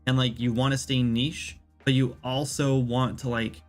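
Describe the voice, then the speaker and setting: A man's voice: medium pitch, level tone, normal speed, faint music behind. A man chatting casually as an indie game developer on a livestream, rambling and thinking aloud with lots of fillers.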